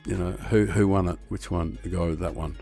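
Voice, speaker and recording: An Australian man casually chatting on a live stream while playing a racing game, rambling and relaxed with lots of hesitations. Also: low-pitched, a little fast, vocal fry, faint music behind.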